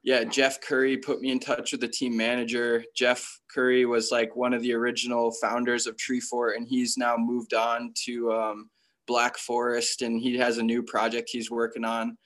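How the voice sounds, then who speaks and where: The speaker, a professional freeskier from Connecticut, USA, appears as a guest in a relaxed interview, reminiscing about his career. His talk is full of slang and a steady stream of "like" fillers. His voice is medium-pitched, monotone and a bit bright, at a normal speed.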